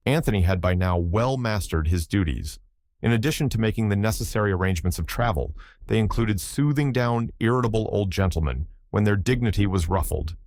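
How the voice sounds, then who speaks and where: A man narrating an audiobook in a measured, even manner. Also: low voice, dry recording, clean studio sound.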